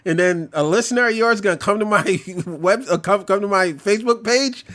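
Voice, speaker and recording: A man's voice: sits high, brisk, fairly bright tone. A man from Brooklyn, a podcast guest telling stories in casual, profane, joking chat. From New York, Brooklyn.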